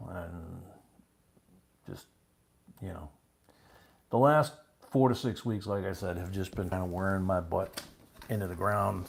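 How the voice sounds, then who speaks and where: An older man hosting a live coin auction stream, chatting casually and rambling with chuckles between bid calls. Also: low voice. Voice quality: gravelly and husky. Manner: rambling, chuckling, calls bids in a louder slow drawl.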